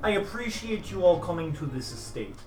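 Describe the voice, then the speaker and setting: A man's voice: high-pitched, sing-song, brisk, far from the mic. A man putting on a courtly mock-German commandant. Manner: formal, courtly, hesitant. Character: smooth-talking male commandant hosting a feast. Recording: roomy with faint music.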